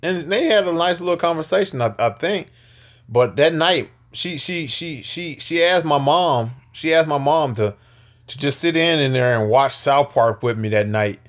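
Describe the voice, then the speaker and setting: A man in his thirties telling casual stories, animated and profane, laughing often and stumbling over repeated words. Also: on the high side, moderate pace. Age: 30s. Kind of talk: casual storytelling.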